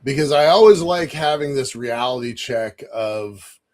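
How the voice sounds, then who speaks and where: Guy cohosting a podcast, easygoing and upbeat, lots of quick yeps. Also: mid-range voice, animated. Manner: enthusiastic, easygoing, quick agreeing replies. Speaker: podcast co-host. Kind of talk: casual chat.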